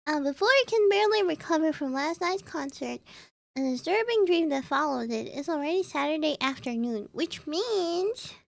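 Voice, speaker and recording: A woman's voice: sits high, lively intonation, moderate pace, creaky, no room sound. A woman streamer reading a visual novel aloud and chatting with viewers, bubbly and giggly, with cutesy playful exclamations. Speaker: VTuber streamer. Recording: game music playing behind. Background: game background music.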